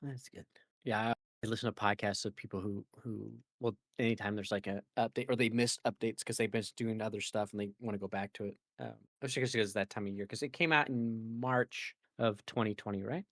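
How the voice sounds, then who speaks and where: Mid-pitched podcast co-host, laughing. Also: fairly even intonation, a little fast, a bit bright, dry recording, clean studio sound. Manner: laughs often, stammers and restarts, riffs on jokes. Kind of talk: casual chat.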